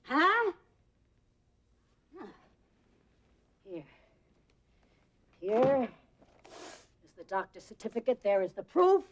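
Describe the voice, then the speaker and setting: A high, piercing woman's voice carries this theatrical, relentless petitioner through a film scene. She wails, pleads and accuses, and she will not take no for an answer. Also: very animated, slow, long pauses, a little hiss or hum. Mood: pleading, indignant. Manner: theatrical, wailing, relentlessly insistent. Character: pushy, melodramatic woman pestering a bank. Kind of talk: film acting.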